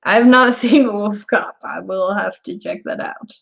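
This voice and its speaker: A woman's voice: medium pitch, a little slow, vocal fry, fairly bright tone. A young woman chatting casually with her viewers on a live stream, laughing often. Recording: dull lo-fi stream audio.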